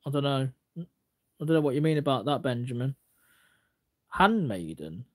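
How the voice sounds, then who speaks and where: A man's voice: medium pitch, fairly even intonation, fairly quick, darkish tone. A man ranting casually on a livestream, rambling and repeating himself with stumbling restarts as he answers chat comments.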